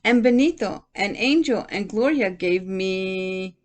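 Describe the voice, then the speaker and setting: A woman voicing a cheerful elderly grandmother in a picture book read aloud, in a bright and pleased tone. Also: mid-range voice, slow, natural voice. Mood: chatty.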